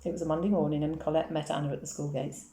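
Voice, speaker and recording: A woman reading a children's novel aloud with steady, expressive storytelling. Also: low voice, very fast. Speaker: reader. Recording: echoey room.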